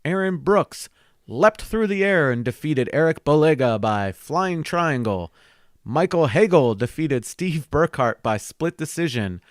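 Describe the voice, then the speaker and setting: A man's voice: fairly high pitch, animated, a little slow, dry recording, clean studio sound. A man co-hosting a casual sports podcast, joking around and reading out match results. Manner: joking, reads results in an announcer voice. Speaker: podcast co-host.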